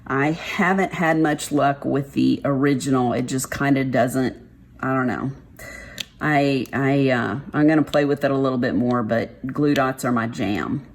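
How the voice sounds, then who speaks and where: A craft vlogger with a Texas accent and an extremely low voice talks at a measured pace, chatting casually and frankly while diamond painting. She uses plenty of "y'all" and some mild swearing, and there's a little hiss or hum in the recording.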